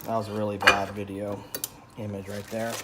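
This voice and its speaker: A man's voice: lowish voice, completely flat delivery, normal speed, heavy background noise. Playful man in a clattering kitchen. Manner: playful, exclaiming, drops into whispers. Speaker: father vlogger. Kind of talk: casual cooking vlog with ASMR sounds. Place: home kitchen.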